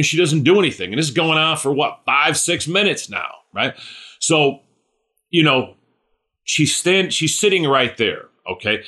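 A middle-aged man gives a sermon at an unhurried pace. His voice is bright and forceful at an ordinary pitch. He talks in a conversational way, stopping often to ask "right?" or add "you know". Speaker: pastor.

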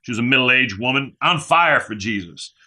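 A man's voice: mid-range voice, expressive, moderate pace, sharp tone. A man preaching a sermon as a pastor, fervent and repetitive, often tagging his points with "right?" and "okay?". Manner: fervent preaching, repeats phrases, asks "right?".

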